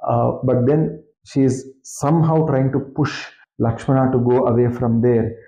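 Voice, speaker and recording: A man who recites scripture verses and then explains them slowly in plain words. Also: medium pitch, flat delivery, mellow. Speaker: scripture reader and teacher. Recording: roomy, muffled lo-fi audio.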